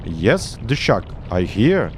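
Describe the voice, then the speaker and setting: A meek halting game developer. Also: male voice, fairly low pitch, sing-song, slight background noise. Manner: halting broken English, slow.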